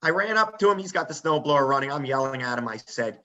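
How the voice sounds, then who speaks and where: A man telling a story in a casual, animated way on a front porch, as a podcast guest. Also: mid-range voice, fast talker, highs cut off. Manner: animated, acts out quoted voices.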